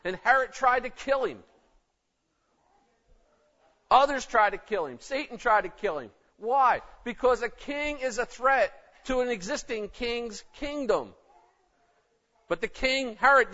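High-voiced emphatic preacher. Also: male voice, expressive, unhurried, sharp tone. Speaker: pastor. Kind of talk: sermon. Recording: dull lo-fi recording.

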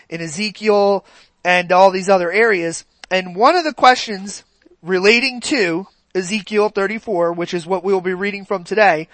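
A man's voice: sits high, a bit bright, no room sound. A man preaching a sermon in a conversational way, often asking his congregation questions.

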